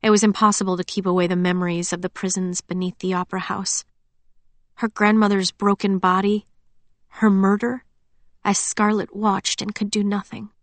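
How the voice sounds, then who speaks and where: A woman narrating an audiobook in a calm, measured storytelling manner. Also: medium pitch, no room sound. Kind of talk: scripted narration.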